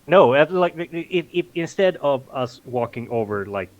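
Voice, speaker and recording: A man's voice: medium pitch, animated, normal speed, dull audio. A man playing in a tabletop game, explaining his move in a casual, stammering way. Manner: stammering, restarts a lot. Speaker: player.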